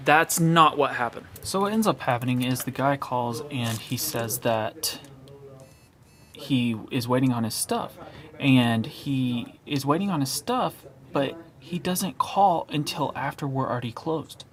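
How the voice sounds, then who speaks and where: A man casually telling a story from his work at a store, conversational and relaxed. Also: mid-range voice, unhurried. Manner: relaxed, conversational, quoting others in his own voice.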